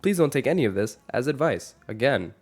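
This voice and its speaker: A man's voice: medium pitch, sing-song, brisk, slightly rough. A man in his twenties giving an earnest, rambling vlog rant to camera, with frequent restarts. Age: 20s. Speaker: vlogger.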